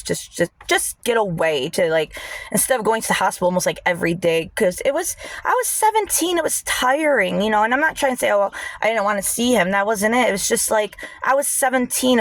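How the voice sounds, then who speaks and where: A young woman with a gravelly, creaky edge tells a painful personal story straight to the camera, on the verge of tears and talking through many fillers. The sound is dry and close, with little room in it. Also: mid-range voice, dry recording. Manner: emotional, fighting back tears, many fillers. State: tearful. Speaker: vlogger. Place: indoors, people nearby.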